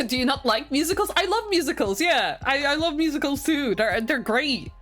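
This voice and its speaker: A woman streaming a game, chatting casually with her viewers in an excitable, talkative way that often breaks into laughter. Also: high-pitched, moderate pace, faint music behind.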